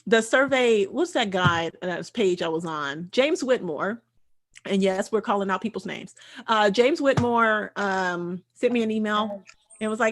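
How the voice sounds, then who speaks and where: A woman's voice: medium pitch, expressive, normal speed. A middle-aged woman hosting a casual chat, telling stories with lots of laughter. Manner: laughing, chatty storyteller. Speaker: host.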